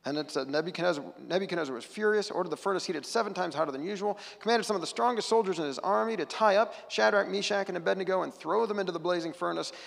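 Gravelly man preaching in a reverberant hall. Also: sits high, fast talker, few pauses, a bit bright. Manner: conversational, retells scripture with asides. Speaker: pastor. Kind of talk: sermon. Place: church sanctuary.

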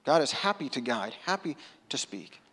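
A man's voice: medium pitch, big pitch swings, normal speed, a bit bright, breathy edge. A man from the United States preaching a sermon at church in a casual, conversational way, with self-deprecating asides. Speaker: pastor. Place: church sanctuary. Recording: long hall reverb.

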